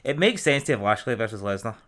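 A Scottish man trades jokes on a casual, sweary podcast, laughing often. His pitch jumps around lively and his tone is bright and forward. He leans into wisecracks and banter. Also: fast. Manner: jokey, animated, laughs a lot. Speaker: podcast co-host.

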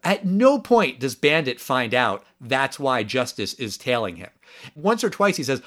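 A man co-hosting a casual movie review podcast, talking in an animated, incredulous way with quick asides. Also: a little high. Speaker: podcast co-host.

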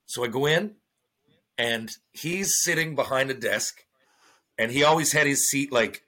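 A man, a former hockey player, telling profane, animated stories in a casual podcast interview. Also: mid-range voice, a little slow. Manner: profane, animated storytelling with acted-out quotes.

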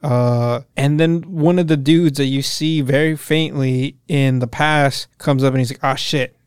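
A young man co-hosting a podcast, casually recapping a show in a profane, animated way and acting out the characters' lines. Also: mid-range voice, measured pace, clear, resonant tone, no echo, clean studio sound. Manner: profane, animated retelling with quoted voices. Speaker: podcast co-host.

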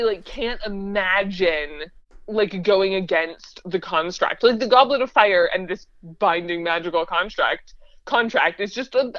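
A woman co-hosting a casual podcast chat, talking fast and laughing often. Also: on the high side, dry recording, muffled recording. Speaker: podcast co-host.

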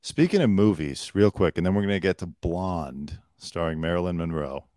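Deep-voiced sarcastic man hosting a podcast. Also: expressive, moderate pace, warm tone, dry recording, studio quality. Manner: joking, sarcastic, swears freely. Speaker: podcast host. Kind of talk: casual comedic chat. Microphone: desk mic with headphones.

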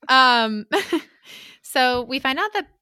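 A young woman co-hosting a casual book chat, chatty and laughing, sometimes dropping into soft asides. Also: high-pitched, lively intonation, drawn-out words, smooth, no echo, studio quality. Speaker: podcast co-host.

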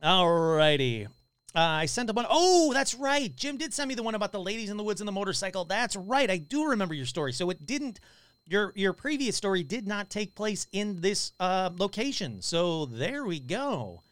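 A man hosting a live paranormal podcast, chatting casually and excitably as he reads out viewer comments, swearing now and then. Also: high-pitched, normal speed, clean tone, no room sound.

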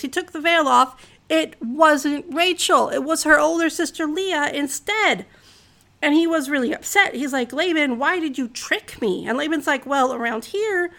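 A woman's voice: high-pitched, a bit bright. A woman casually retelling a Bible story in her own words, chatty, with fillers and wry asides.

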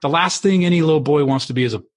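Husky man, choked up and halting. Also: fairly high pitch. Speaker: podcast co-host. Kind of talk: casual podcast conversation.

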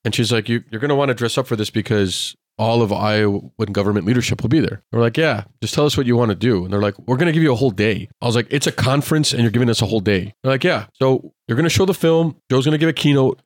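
A former cop on a podcast tells lively, casual stories in a mid-range voice, talking rapid-fire with hardly any pauses. The recording is dry and of studio quality. He performs the quoted dialogue of each person in his anecdotes.

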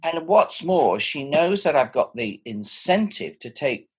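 Husky man in his sixties, lively tone. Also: a little high, measured pace. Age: 60s. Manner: thoughtful, animated, chuckling often. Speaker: interviewee. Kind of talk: reflective personal conversation. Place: at home.

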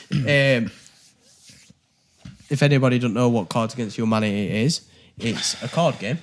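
A man's voice: medium pitch, a little slow, pauses often. A man co-hosting a casual podcast, explaining a card game in a laid-back, rambling way with restarts. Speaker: podcast co-host running a card-game segment. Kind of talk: casual chat.

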